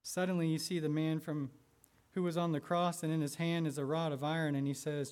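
High-voiced preacher telling a vivid story. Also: male voice, little pitch movement, fairly quick, a little mellow. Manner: vivid, theatrical narration. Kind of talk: sermon with dramatic storytelling. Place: church sanctuary.

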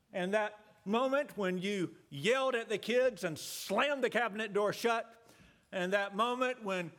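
A man pastor giving an earnest, measured sermon, repeating key phrases and slowing down for emphasis. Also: high-pitched, fairly bright tone. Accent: Southern US.

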